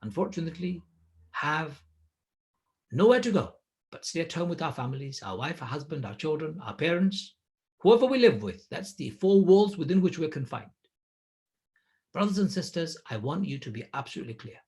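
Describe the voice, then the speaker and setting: Male preacher, animated storyteller, lively pitch swings. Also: moderate pace. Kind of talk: Ramadan sermon reminder.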